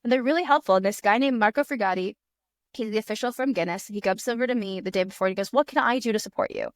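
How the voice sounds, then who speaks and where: A woman in her thirties, a magician guest on a podcast, telling an animated story and acting out her own past thoughts in quick voices. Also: medium pitch, dry recording, clean studio sound. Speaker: guest magician and fire eater.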